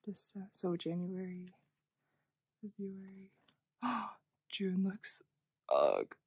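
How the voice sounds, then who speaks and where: A young woman casually narrating an unboxing, gushing with frequent gasps and soft half-whispered asides. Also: lowish voice, sing-song, drawn-out words, long pauses, breathy edge, no echo. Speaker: unboxing vlogger.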